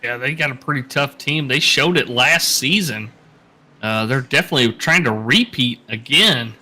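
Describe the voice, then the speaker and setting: A man co-commentating a sim race with easy, plain analysis. His voice has a bright, sharp edge. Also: mid-range voice, normal speed, low-quality recording.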